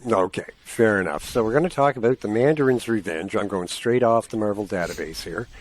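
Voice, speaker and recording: A man with a fairly low voice co-hosts a relaxed comic-book podcast. He reads the plot out loud and keeps breaking off to crack jokes about it. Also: a little fast. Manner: reads plot summaries aloud with joking asides. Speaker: podcast co-host.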